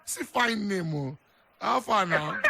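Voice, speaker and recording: Jokey high-voiced Nigerian radio host. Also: male voice, animated, takes it slowly, vocal fry, bright, forceful tone, husky, no echo. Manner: jokey, laughing, switches into Pidgin and Yoruba. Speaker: radio sports show host. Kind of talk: live call-in radio chat. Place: radio studio.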